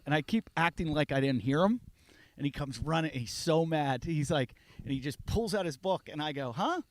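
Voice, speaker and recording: A man's voice: on the high side, moderate pace, no room sound. A man on a podcast casually telling a long story, acting out what he and others said. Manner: animated storyteller acting out both sides of a conversation. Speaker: podcast co-host.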